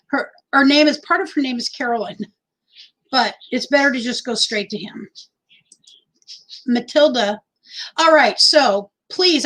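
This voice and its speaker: A woman's voice: high voice, fairly bright tone, rough recording. A middle-aged woman from Texas hosting a casual livestream, chatty and rambling as she reads out names from the chat into her phone. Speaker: livestream host.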